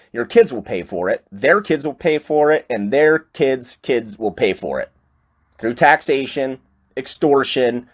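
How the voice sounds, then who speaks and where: A man giving a heated, profane political rant, with sudden loud outbursts. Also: mid-range voice. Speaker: online ranter.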